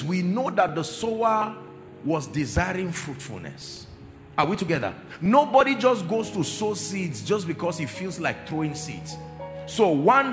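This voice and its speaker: A male preacher delivers a sermon with a lively pitch, stretching his words out emphatically and repeating himself. He poses questions to the congregation, while a long hall reverb and faint music sit beneath his voice.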